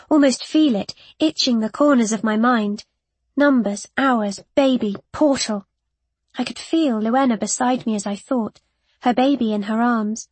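A woman narrating a first-person story in a measured, tense way. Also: on the high side, darkish tone, breathy edge, no echo. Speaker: audiobook narrator.

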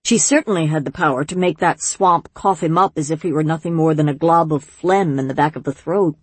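A woman narrating a storybook at a slow, measured pace. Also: low voice, breathy edge, dry recording. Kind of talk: storybook reading.

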